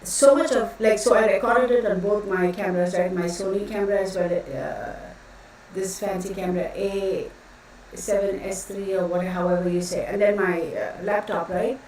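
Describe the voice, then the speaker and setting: A woman's voice: medium pitch, fairly even intonation, moderate pace, a little mellow. A woman, chatting casually and rambling as she hosts a live tarot stream and greets viewers by name. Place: home room with a fan running. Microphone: distant mic, noticeable echo. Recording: very echoey room, voice far from mic, faint fan noise.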